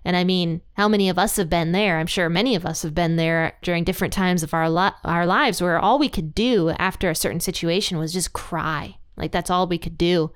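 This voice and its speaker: A woman's voice: on the low side, fairly quick, hardly any pauses, smooth. A woman hosting a Bible study podcast, talking through a passage in an earnest, reflective way. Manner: earnest and reflective, with frequent restarts. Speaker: Bible teaching podcast host. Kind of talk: casual Bible study talk.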